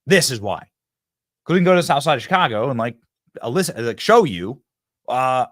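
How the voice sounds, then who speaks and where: Fired-up guy hosting a political show, voice sits kinda high and jumps all over. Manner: emphatic, repetitive, rising to near-shouts when acting out debate lines. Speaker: political commentary host. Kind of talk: animated political monologue.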